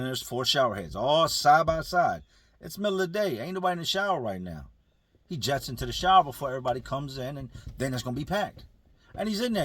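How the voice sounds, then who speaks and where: Husky-voiced man telling a street story. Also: on the high side, fairly bright tone. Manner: conversational, street slang, addresses viewers. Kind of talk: casual storytelling to camera.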